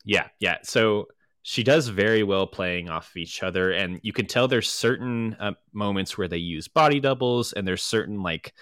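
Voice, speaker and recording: A man's voice: on the low side, normal speed, clean tone, no room sound, studio quality. A man co-hosting a movie podcast, chatting casually and sharing behind-the-scenes trivia. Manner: relaxed, swears casually, shares trivia. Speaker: podcast co-host.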